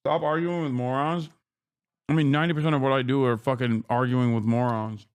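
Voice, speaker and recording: A man's voice: medium pitch, steady tone, fairly quick, clear, resonant tone. A man in his thirties giving sarcastic, combative stream commentary and swearing often.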